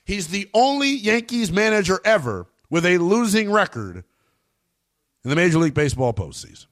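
A man giving emphatic, opinionated sports commentary in a slangy, animated way. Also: sits high, normal speed.

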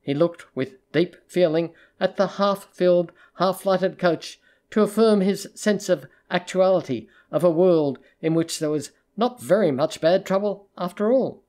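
Audiobook narrator, measured, steady, mid-pitched voice, literary reading.

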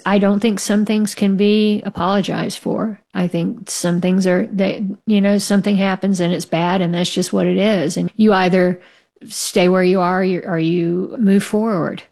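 A woman's voice: medium pitch, steady tone, moderate pace, creaky, a little mellow. A woman, a novelist, talking frankly and with strong opinions as a guest in an interview, laughing now and then as she speaks. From United States. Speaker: author as guest. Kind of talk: casual interview talk.

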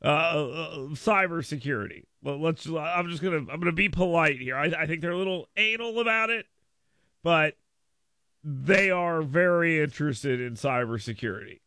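Animated, bright-voiced male radio host. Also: normal speed, no room sound. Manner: animated storytelling, jumps up in pitch and volume for emphasis. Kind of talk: casual talk radio monologue. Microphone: studio microphone.

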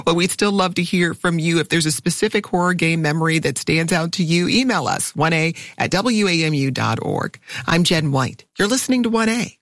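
A woman hosting a public radio talk show, putting steady, clear questions to her guests at a studio mic. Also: deep voice, a little fast, hardly any pauses, dry recording. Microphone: studio microphone.

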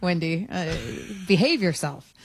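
A woman's voice: on the low side, expressive, a little slow, a loud crowd. A woman hosting a sports radio show in a studio, chatting casually in a playful, teasing way and laughing easily. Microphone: studio microphone.

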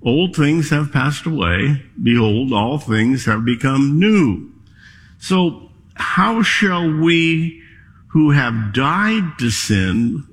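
A male pastor preaching a sermon in a church, slow and deliberate, leaning on key words. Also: mid-range voice, slightly rough. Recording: long hall reverb.

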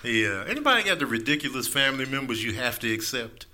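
Animated male stand-up comedian. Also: medium pitch, fast talker, a little hiss or hum. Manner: animated, acts out characters in raised voices.

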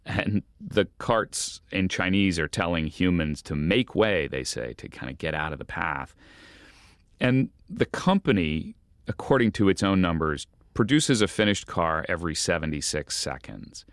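Deep voice, dry room, a man telling an animated story with lots of stumbling restarts. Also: a little slow, smooth, no room sound. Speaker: journalist guest. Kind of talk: interview storytelling.

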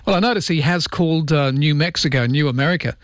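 Australian male radio host, a bit high, dry close studio mic, wry and jokey with listener texts. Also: fast talker, dry recording. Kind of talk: late-night talkback radio chat. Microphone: studio microphone.

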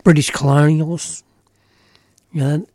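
A man's voice: on the high side, steady tone, unhurried, a little mellow, dry recording. A middle-aged Australian man with an Australian accent, talking earnestly and emphatically in casual political conversation, with many "you know" fillers.

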